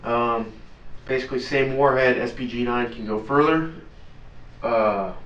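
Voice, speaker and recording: A man's voice: mid-range voice, fairly bright tone. A man tells a hard story in plain, blunt words, stopping and restarting with fillers. His voice sits in the middle range. The sound is dull and lo-fi, with the room ringing around it. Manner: blunt, profane, halting with many fillers. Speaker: interview guest, former Navy SEAL. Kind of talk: casual storytelling interview. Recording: roomy, distant, dull lo-fi sound.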